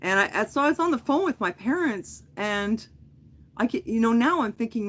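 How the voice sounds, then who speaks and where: A middle-aged woman on a livestream, the host, tells a long story casually and wanders as she goes, using lots of fillers and fixing her own words. Her voice is a little high and fairly bright, animated at a moderate pace.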